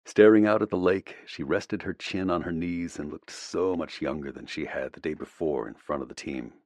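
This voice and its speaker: A man narrating a first-person audiobook in a measured, reflective way, close to the mic. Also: low voice, a little mellow, dry recording.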